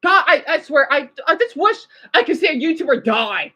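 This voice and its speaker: A woman livestreaming, reacting to videos and chat, swinging between furious rants and quiet apologies. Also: high-pitched, big pitch swings, normal speed.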